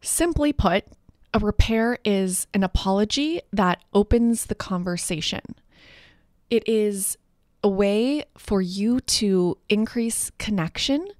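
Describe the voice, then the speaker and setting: A woman's voice: medium pitch, darkish tone, dry recording, studio quality. A woman hosting a parenting podcast, explaining in an earnest, encouraging way. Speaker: podcast host, parenting coach. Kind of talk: solo podcast teaching.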